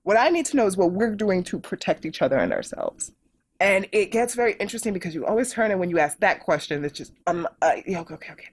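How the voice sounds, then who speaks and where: A woman's voice: mid-range voice, expressive, fast. A middle-aged woman, a podcast guest, talking emphatically and animatedly in a political conversation, hammering points home with repetition.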